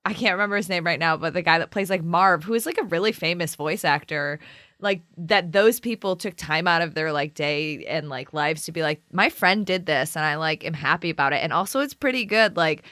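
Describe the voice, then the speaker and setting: Brief: young woman podcast co-host, lowish voice, blunt and animated, curses casually, dry close mic. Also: fairly quick, no echo. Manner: animated, swears freely, frequent "like". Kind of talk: casual book chat.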